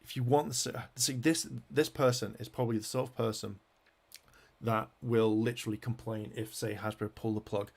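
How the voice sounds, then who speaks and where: A gravelly-voiced man rants angrily on his vlog, swearing in nearly every sentence while he browses web pages. His talk is heated and halting, full of false starts, and his voice sits at an ordinary male pitch with a rough creak running through it. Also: fairly even intonation. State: angry. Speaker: fan vlogger.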